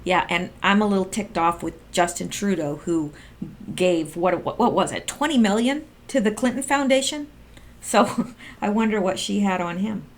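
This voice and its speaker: A woman's voice: mid-range voice, normal speed. A middle-aged woman doing casual political commentary, reading documents aloud and reacting with sarcastic exclamations.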